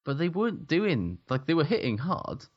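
A man's voice: a little high, big pitch swings, normal speed, slightly rough, muffled recording. A man giving blunt, emphatic rugby analysis in casual, sweary podcast chat. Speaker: rugby pundit.

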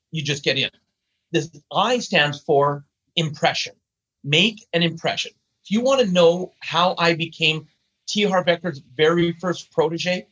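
An older man, a guest trainer, telling stories in an emphatic, blunt, energetic way during an interview. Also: a little high, husky, dull audio. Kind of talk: animated storytelling interview.

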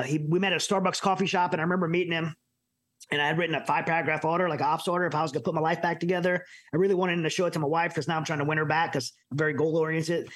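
A middle-aged man from the United States telling his personal story as an interview guest, earnest and halting with many restarts. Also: a little high, a bit bright. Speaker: podcast guest.

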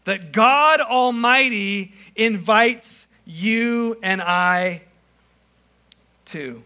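A young adult male pastor preaching a sermon, acting out scenes with animated storytelling. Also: high-pitched, extremely slow.

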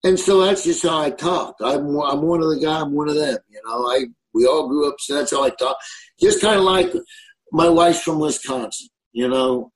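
A man's voice: fairly high pitch, moderate pace, few pauses, low-quality recording. A man in his sixties with a Southern US accent, a comedian telling rambling stories in a casual interview. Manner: easygoing, rambling storyteller. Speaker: comedian guest.

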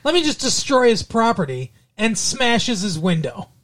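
A man chatting casually on a podcast, his pitch swinging up and down as he retells a scene. He laughs often and jumps into loud, silly voices for the characters. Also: sing-song, moderate pace. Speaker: podcast co-host. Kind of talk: casual chat recapping a TV show.

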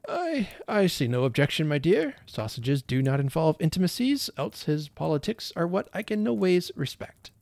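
Narrator as easygoing young husband, wry, slightly raised voice. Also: male voice, a little high, sing-song, moderate pace, vocal fry, hardly any pauses, darkish tone, no room sound, pitched above the performer's own voice. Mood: hesitant. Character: calm young husband, dryly humorous.

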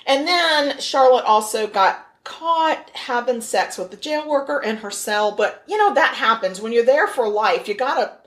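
A woman's voice: on the high side, expressive, normal speed, few pauses, a bit bright. A woman hosting a casual true-crime chat, joking and laughing often. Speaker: podcast host.

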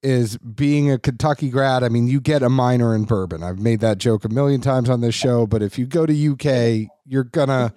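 A man's voice: mid-range voice, moderate pace, hardly any pauses, mellow, dry recording, studio quality. A man hosting a casual podcast chat, telling stories in a rambling way and correcting himself as he goes. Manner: rambling, self-correcting storyteller. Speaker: podcast host.

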